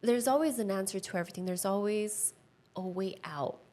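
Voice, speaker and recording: A woman in her thirties giving a personal testimony as a podcast guest, earnest and heartfelt, with lots of "like" fillers and a hushed voice at tender moments. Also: medium pitch, fairly quick. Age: 30s. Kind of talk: personal testimony in casual conversation.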